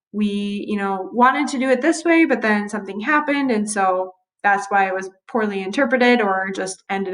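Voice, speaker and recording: A woman's voice: on the high side, fairly bright tone, rough recording. A young woman teacher talking through a screen-recorded grammar tutorial in a casual way, correcting herself as she types. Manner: casual, self-correcting while typing.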